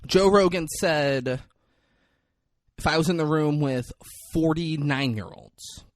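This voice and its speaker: A young man co-hosting a podcast, retelling a movie in casual chat and acting out its lines with loud outbursts. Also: on the high side, slow, no echo, clean studio sound. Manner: animated storyteller, acts out lines from the film with loud outbursts. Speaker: podcast co-host.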